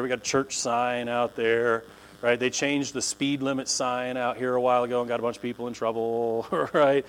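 A man preaching a sermon in a conversational, animated way, acting out the voices of the people he describes. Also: rough recording. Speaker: pastor. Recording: low mains hum.

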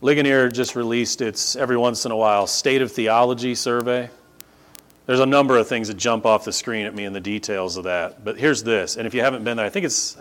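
A man preaching a sermon, moving between quiet conversational asides and loud, drawn-out emphatic peaks. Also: mid-range voice. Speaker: pastor.

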